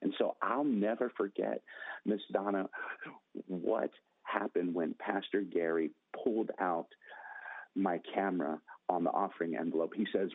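A man with a fairly low voice tells his testimony in a dramatic, storytelling way, jumping higher whenever he quotes someone. The sound is thin and phone-like, and it is dry with no room echo. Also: moderate pace. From Northern California. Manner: dramatic, acts out quotes with raised pitch. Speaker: guest telling his testimony.

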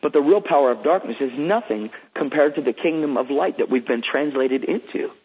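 A man's voice: mid-range voice, expressive, brisk, slightly rough. Eager man preaching over a phone line. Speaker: guest minister. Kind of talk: enthusiastic storytelling.

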